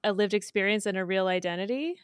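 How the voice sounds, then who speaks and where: A woman of medium pitch hosting a relaxed podcast conversation. She responds warmly to her guest and draws her out with follow-up questions. The recording is dry and close. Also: fast talker, smooth, no room sound. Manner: supportive, responsive interviewer. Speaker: podcast host. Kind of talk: casual interview chat.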